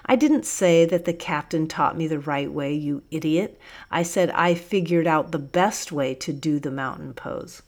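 A woman's voice: sits low, unhurried. A woman voicing a scornful, bullying male police sergeant who blusters at a prisoner. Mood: bossy.

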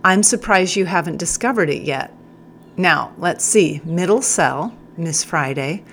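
A woman puts on a sly male prisoner for an audiobook, drawling his words slowly with a teasing edge. The voice sits a little low. A faint hiss runs under it. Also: expressive, a bit bright. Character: wry older male prisoner, sly and joking.

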